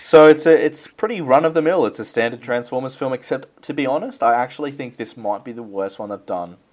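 A man's voice: medium pitch, fairly quick, a little mellow. A man, co-hosting a podcast, chatting casually and interjecting. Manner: chatty, laughs along, interjects. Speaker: podcast co-host. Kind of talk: casual film review chat.

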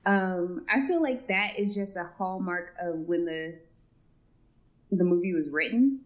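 A young woman co-hosting a casual film podcast, speaking in a halting, thoughtful way. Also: fairly low pitch. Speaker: podcast co-host.

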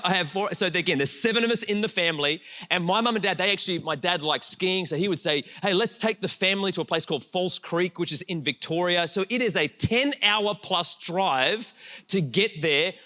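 A man's voice: high voice, sharp tone. A man preaching to a live congregation, telling a humorous story with playful asides to the crowd. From Australia. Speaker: pastor.

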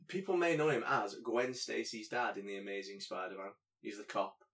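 Joking rambling podcast host. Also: male voice, fairly low pitch, fairly bright tone. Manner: joking, rambling, quick asides. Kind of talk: casual chat.

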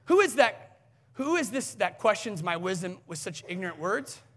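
A man's voice: high-pitched, very animated, normal speed, a bit bright. A man preaching, reading aloud the words of God as a mighty, commanding voice firing challenging questions at a man.

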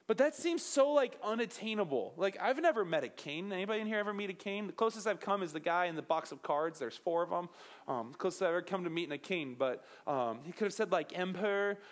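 A young man preaching a sermon in a casual, animated way, joking with the crowd and acting out little quotes. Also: sits high, quick pace.

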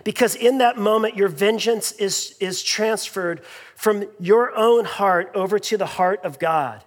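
A man delivers a sermon in a church sanctuary, his voice sitting high for a man. He talks to the congregation in an easy, conversational way, full of fillers and repeated phrases. His words ring out with a long reverb from the big hall. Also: a little slow. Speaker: pastor.

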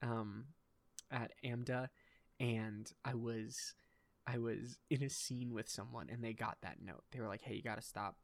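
Brief: young guy hosting a chat podcast, mid-pitched, excitable, rambles with lots of fillers. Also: measured pace. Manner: rambling, enthusiastic, swears casually, many fillers. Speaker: podcast host. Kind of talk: casual chat.

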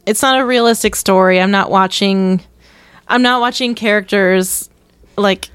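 A woman chatting casually and giving her opinions in a measured way. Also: mid-range voice, fairly bright tone, smooth, no echo. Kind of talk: casual chat.

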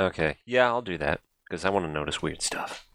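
A man's voice: sits low, expressive, a little fast, fairly bright tone, no room sound. A man playing a tabletop game, making short dry remarks in casual chat. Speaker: player.

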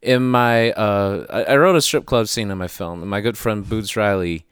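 A filmmaker telling a rambling, animated story in casual chat. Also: male voice, lowish voice, moderate pace, smooth, dry recording, clean studio sound.

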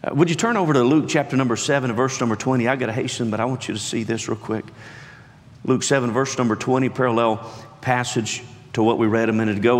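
A man preaching a sermon with emphatic delivery, acting out quotes with rising and falling pitch. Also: steady tone, fast. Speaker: pastor. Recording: echoey hall reverb.

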